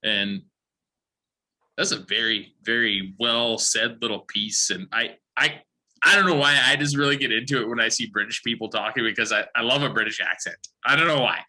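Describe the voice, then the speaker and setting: Man, young, animated podcast guest, very bright voice. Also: medium pitch, normal speed. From Saskatchewan, Canada. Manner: rambling, animated storyteller. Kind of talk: casual chat.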